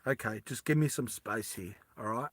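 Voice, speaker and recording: A reserved tech guy near breaking point, as a man acts him out, muttering in a lowered voice. The tone is bright and the sound dry. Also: normal speed, dry recording, lightly acted. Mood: tense. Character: quiet tech guy under pressure, man.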